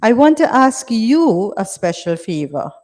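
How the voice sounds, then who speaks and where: Storybook role: woman narrator plays a frail, frightened dying mother, pleading softly and slowly, voice pitched a little high, hall reverb. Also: sing-song.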